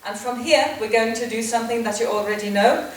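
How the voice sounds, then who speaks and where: A woman dance teacher giving step-by-step instruction, counting beats and calling out steps in a steady rhythm. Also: a little high, a little fast. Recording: echoey, distant, noisy room sound.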